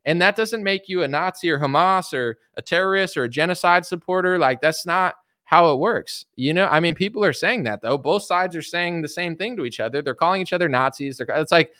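A young man talking in a loose, rambling, sarcastic way about politics, his voice sitting a little high for a man. The sound is close and dry, with no room around it. He keeps circling back with filler words as he rants. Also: fairly quick, few pauses, sharp tone, no echo. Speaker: political commentary host. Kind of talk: casual political rant.

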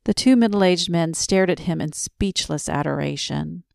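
A woman reading a story slowly and quietly as a bedtime narration. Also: lowish voice, creaky, no echo, clean studio sound. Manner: slow, soft and quiet.

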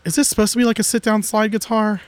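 A man co-hosting a podcast in casual chat, joking and excitable, talking in restless bursts. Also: high-pitched, fast talker, smooth, no room sound. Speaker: podcast co-host.

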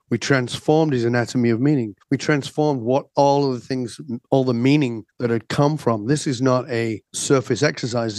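Here the guest, a transformation coach, coaches through lively anecdotes, rapidly voicing each party in the dialogue with real emphasis. The sound is dry and close-miked, and his middle-pitched voice comes across slightly mellow.

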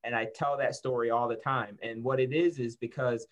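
A man's voice: medium pitch, fairly even intonation, a little fast. A man in his fifties, from Syracuse, New York, telling a story about his college football days in a casual interview, with many restarts and fillers. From Syracuse, New York, USA. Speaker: guest, former college football player.

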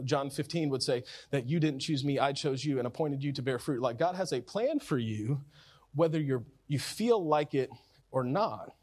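A man preaching a sermon as pastor, talking conversationally, repeating and restarting phrases, with swings from loud and urgent to soft and quiet. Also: medium pitch.

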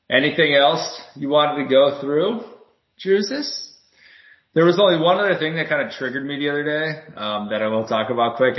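Animated man in casual sports chat. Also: mid-range voice. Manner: animated, swears a lot, heated storytelling. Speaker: podcast co-host. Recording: roomy, dull lo-fi sound.

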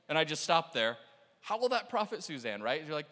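Excitable preacher man in an echoey hall. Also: on the high side, fast talker. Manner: excitable, laughing, acts out quotes. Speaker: pastor. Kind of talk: animated sermon with storytelling.

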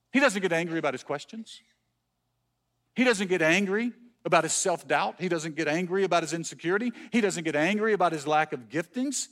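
A man's voice: a little high, fairly bright tone. A man preaching a sermon as pastor, earnest, with rhetorical questions and repeated phrases. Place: church.

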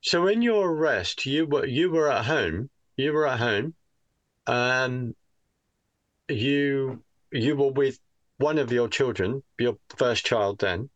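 A man hosting an interview, asking halting questions and repeating his prompts. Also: mid-range voice, lively intonation, no echo, dull audio. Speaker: guest host.

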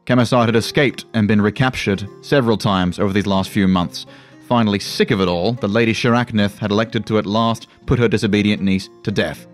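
A man narrating a fantasy story in a measured, dramatic way. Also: fairly low pitch, soft background music.

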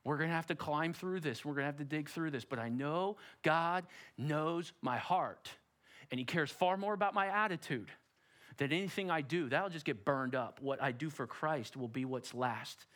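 A man's voice: on the high side, normal speed, a bit bright. A middle-aged pastor preaching a sermon in a church, direct and emphatic, putting rhetorical questions to his congregation. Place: church sanctuary.

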